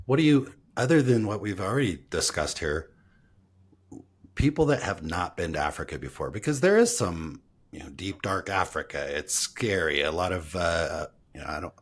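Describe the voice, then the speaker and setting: American male host, very low and husky, curious interviewer who circles around his questions. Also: expressive, moderate pace. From United States. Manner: curious, rambling questions with restarts. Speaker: podcast host.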